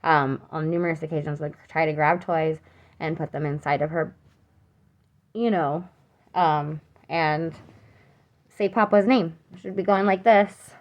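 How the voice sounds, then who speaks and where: A young woman giving an unscripted personal account, earnest and troubled, halting with many fillers and restarts. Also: deep voice, fairly even intonation, dull audio. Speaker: mother telling her own account.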